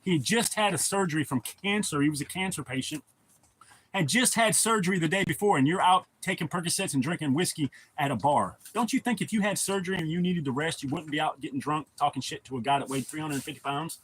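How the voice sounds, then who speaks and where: A man's voice: fairly high pitch, fast talker, fairly bright tone, slight background noise, poor audio. A man live-streaming, telling blunt, profane stories in a casual chat to his viewers.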